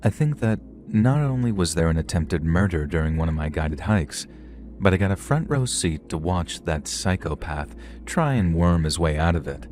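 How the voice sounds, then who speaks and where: Deep-voiced man narrating horror stories. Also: animated, moderate pace, a little mellow, a little hiss or hum. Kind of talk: scripted horror story narration.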